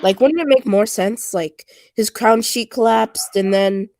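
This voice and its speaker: A woman's voice: fairly high pitch, a little slow, a little mellow, no room sound. A woman in casual stream chat, rambling with lots of fillers. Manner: rambling, filler-heavy, nerdy train talk. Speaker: stream co-host.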